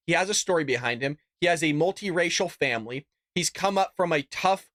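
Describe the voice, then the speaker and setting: A man's voice: on the high side, sharp tone, dry recording, clean studio sound. A man hosting his own political commentary show, talking bluntly and animatedly, with laughing asides. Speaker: host.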